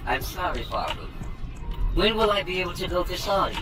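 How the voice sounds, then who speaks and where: A man's voice: sits high, big pitch swings, a little fast, far from the mic, music in the background, pitched above the performer's own voice. A man voicing a timid young male boxer who pleads with his father in a comedic skit. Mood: pleading. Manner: meek, pleading.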